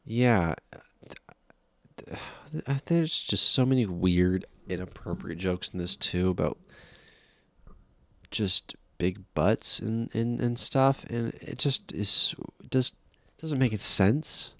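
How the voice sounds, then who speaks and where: Slow, gravelly man rambling about a film. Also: fairly low pitch, animated, fairly bright tone, dry recording. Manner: exasperated, profane, many restarts. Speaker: film reviewer. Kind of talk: casual rambling film review.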